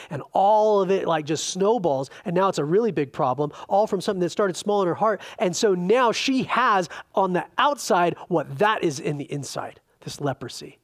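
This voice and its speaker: Man, pastor, conversational sermon, animated delivery, slightly high-pitched. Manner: conversational, animated, frequent filler words. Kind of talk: expository sermon. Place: church sanctuary.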